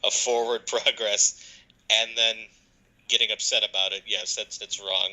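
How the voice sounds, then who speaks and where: Bright, dry-witted man. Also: fairly low pitch, steady tone, normal speed, low-quality recording. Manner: dry, hesitant, wisecracking. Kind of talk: casual chat.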